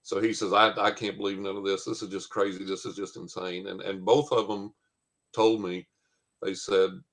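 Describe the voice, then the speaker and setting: A man's voice: low voice, level tone, moderate pace, a bit bright. A man, telling a long personal story as a guest, with lots of fillers and quoted dialogue. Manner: rambling anecdote with many fillers and quoted dialogue. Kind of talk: casual storytelling.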